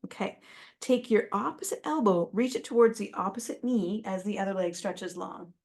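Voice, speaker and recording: A woman's voice: mid-range voice, moderate pace, darkish tone. A woman teaching a Pilates class, giving step-by-step cues, encouraging the class, laughing often and correcting herself. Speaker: Pilates instructor. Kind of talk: guided exercise class instruction.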